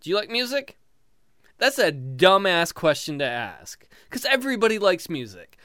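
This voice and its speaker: A man doing a stand-up comedy routine in a sardonic, animated way, with swearing punchlines. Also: high voice, moderate pace, no echo, clean studio sound.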